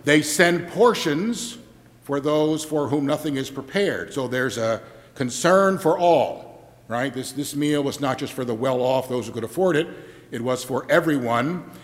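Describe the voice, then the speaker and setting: A man's voice: medium pitch, unhurried. A man preaching a sermon in a church, conversational and joking, often checking in with the congregation. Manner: conversational, keeps asking the congregation "right?", joking asides. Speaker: pastor. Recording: long hall reverb.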